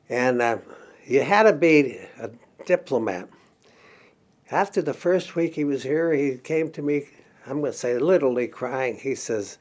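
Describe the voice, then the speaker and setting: An older man in an oral history interview, telling stories from his career and acting out the dialogue, with the odd chuckle. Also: mid-range voice. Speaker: interviewee recalling career as counselor.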